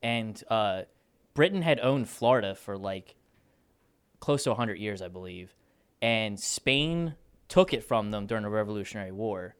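A man with a lowish, smooth voice who tells history stories in a loose, chatty way. His talk is full of fillers and easy laughter. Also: expressive, moderate pace. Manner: loose storytelling, laughs often, many fillers. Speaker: podcast co-host. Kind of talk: casual chat.

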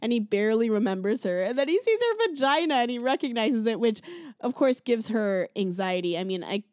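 A high-voiced woman chats about films with a friend, animated and quick to act out what characters say. Her voice sits close and dry on the mic, with no room sound. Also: no echo. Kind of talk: casual movie chat.

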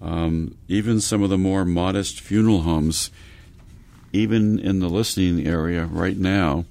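Gravelly, deep-voiced middle-aged radio host. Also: male voice, steady tone, a little slow, a little mellow. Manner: folksy, addresses listeners directly. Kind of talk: casual radio talk.

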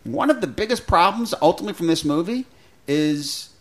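A man's voice: fairly high pitch, lively intonation, brisk. Enthusiastic rambling middle-aged man. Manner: enthusiastic, rambling with many restarts. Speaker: podcast co-host. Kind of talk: casual chat.

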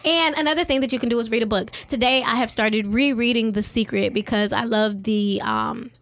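High-voiced animated woman telling a story. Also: fairly quick, vocal fry. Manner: animated and emphatic, swears casually; speaks in affirmations and mantras. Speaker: podcast host. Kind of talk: casual storytelling chat.

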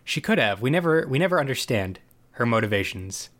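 A man's voice: mid-range voice, very animated, fairly quick, a bit bright. A man in casual podcast chat, loosely retelling a TV episode with restarts and asides. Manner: loose, rambling storyteller with restarts. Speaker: podcast co-host.

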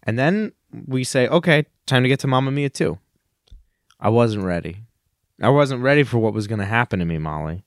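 A man's voice: mid-range voice, lively intonation, normal speed, no room sound, clean studio sound. A man co-hosting a casual comedy podcast. He talks in an earnest, rambling way and drifts into grand speeches for laughs. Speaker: podcast co-host.

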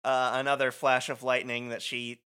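Enthusiastic man with a bright voice. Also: mid-range voice, completely flat delivery, normal speed, clean tone. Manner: enthusiastic, sweary, digressive. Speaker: podcast co-host. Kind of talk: casual chat about a video game.

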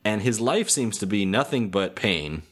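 Low-voiced man hosting a casual chat. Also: expressive, normal speed, breathy edge. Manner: hesitant, many ums, laughs often. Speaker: podcast host.

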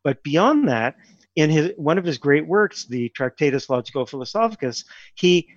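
A man speaking as an interview guest in a reflective, wandering way, often restarting his sentences. His pitch sits in the middle for a man. The sound is dull and muffled, with a dry, close feel. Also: normal speed, no room sound. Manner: discursive, restarts often, animated with rising questions. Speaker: guest, composer and pianist.

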